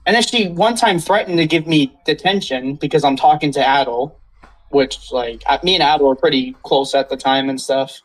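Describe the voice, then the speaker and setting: A young man hosts a casual podcast with a fairly high voice. He rants heatedly and swears freely about school. Then he apologizes sheepishly to the others. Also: moderate pace, rough recording. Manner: ranting, swears a lot, apologizes after. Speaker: podcast host.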